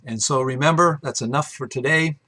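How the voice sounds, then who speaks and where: A man's voice: medium pitch, a little fast, bright, forceful tone. A man hosting his own show, telling a personal story in a rambling, casual way with many fillers and restarts. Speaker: host.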